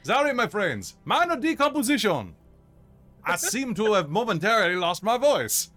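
A man playing a suave vampire lord, courtly, theatrical, high and lively voice. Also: normal speed, soft background music, heavily acted. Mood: apologetic. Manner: theatrical, courtly accent that slips around. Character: suave male vampire noble, meant to sound Spanish.

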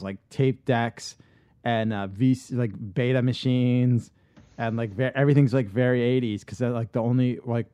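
A man's voice: mid-range voice, dark tone, clear, resonant tone, no echo. Rambling casual man on a dry mic. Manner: rambling, many fillers and restarts. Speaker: podcast co-host pitching a movie idea. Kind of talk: casual podcast chat.

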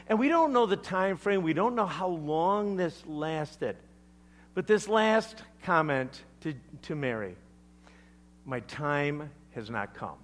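A man preaching a sermon, animated, acting out quotes with sudden loud bursts and often checking in with "okay?". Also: high voice, takes it slowly. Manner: keeps asking "okay?". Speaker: pastor.

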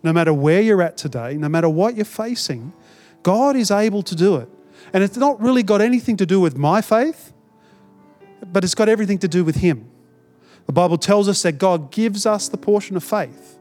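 Guy pastor preaching, kinda high voice, chatty and earnest, soft music under it. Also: lively intonation, moderate pace. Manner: conversational, earnest, retells dialogue with restarts. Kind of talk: sermon with storytelling.

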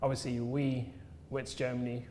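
A man's voice: mid-range voice, level tone, normal speed, darkish tone. An easygoing male host leads a casual interview chat. He nudges his guest along with simple questions. The sound carries a long room reverb with a faint hiss underneath.

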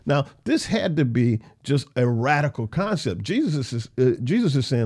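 A man's voice: mid-range voice, very animated, normal speed, few pauses, a little mellow. A man teaching the Bible verse by verse in a conversational way, repeating phrases for emphasis.

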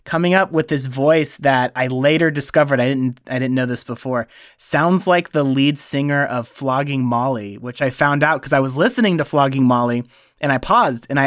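A man with a medium-pitched, very dry close-up voice, chatting on a podcast about the show he wrote. He tells anecdotes in a quick, conversational way, full of asides. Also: a bit bright, no echo. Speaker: podcast creator and writer. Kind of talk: casual podcast interview.

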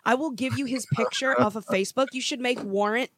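Exasperated swearing podcast co-host, bright dry voice. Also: medium pitch, moderate pace, no echo, soft background music. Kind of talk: comedic banter.

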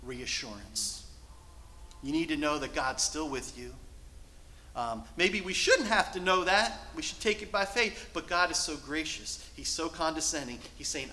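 A male pastor preaching a sermon from the pulpit, shifting between loud, emphatic lines and hushed, soft passages. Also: fairly high pitch, expressive, unhurried, roomy sound, low-quality recording. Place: church sanctuary.

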